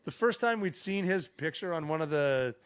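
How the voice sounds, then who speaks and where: A man's voice: a little high, moderate pace, clean tone. A middle-aged man from Montana, a podcast guest telling stories in casual chat with plenty of swearing. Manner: profane, animated storyteller. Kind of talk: casual storytelling.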